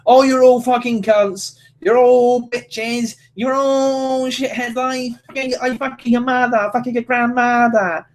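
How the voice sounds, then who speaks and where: A man's voice: extremely high pitch, level tone, unhurried, hardly any pauses, pitched above the performer's own voice. A man putting on the voice of a furious online gamer who hurls swearing insults. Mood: abusive. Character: foul-mouthed furious male online gamer.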